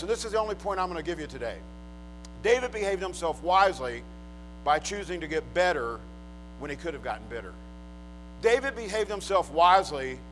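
A male preacher with a notably high voice delivers an emphatic sermon and drives home his points by repeating them. Faint music plays behind him. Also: a bit bright, low-quality recording. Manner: storytelling, emphatic, repeats key lines.

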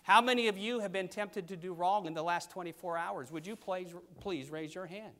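An older man preaching a sermon, reading scripture and pressing his points with sudden loud stresses. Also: high-pitched, normal speed. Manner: emphatic, pulpit cadence with sudden loud stresses.

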